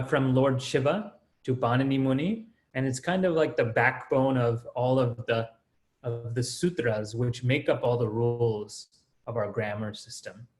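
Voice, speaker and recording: A man teaching an online class, walking students through each rule step by step and checking in with a quick "right?" or "okay?". His voice sits at an ordinary middle pitch. The room behind him rings with noticeable echo. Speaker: Sanskrit teacher.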